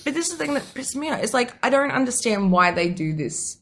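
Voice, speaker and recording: A woman's voice: on the high side, sing-song, brisk, a bit bright. A woman co-hosting a casual podcast who gushes, swears freely and often trails off mid-thought. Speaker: podcast co-host.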